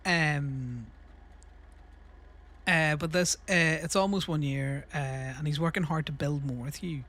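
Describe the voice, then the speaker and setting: A man's voice: fairly high pitch, measured pace, a bit bright. A young man casually rambling through a story while livestreaming a game, laughing and swearing freely. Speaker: streamer.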